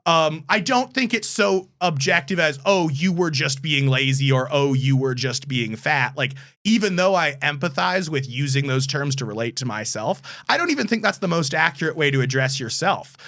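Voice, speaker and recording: A man co-hosting a podcast, arguing his point in casual, rapid chat. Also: fairly high pitch, lively intonation, fairly bright tone. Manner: argumentative, rapid interjections. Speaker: podcast co-host.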